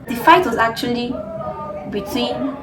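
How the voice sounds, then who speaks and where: A woman's voice: fairly high pitch, unhurried. A young woman in her twenties with a Nigerian English accent, telling stories in a chatty, laughing vlog. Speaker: vlogger. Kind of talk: casual storytelling vlog. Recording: echoey room with crowd noise behind.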